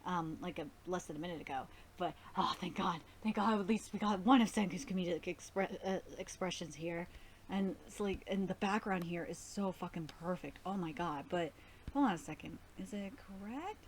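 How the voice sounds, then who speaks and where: A woman's voice: fairly low pitch, normal speed, a little hiss or hum, rough recording. A woman hosting a live anime reaction, talking in an exasperated, nitpicky way and swearing often. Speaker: host.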